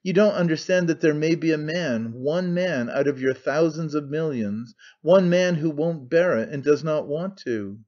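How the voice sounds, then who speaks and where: A man's voice: fairly high pitch, lively intonation, normal speed, hardly any pauses, darkish tone, lo-fi sound, lightly acted. A man reading a gloomy, brooding idealist. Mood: earnest. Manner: muttering, grave, curt. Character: gloomy brooding male idealist, intense and curt. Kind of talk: audiobook character reading.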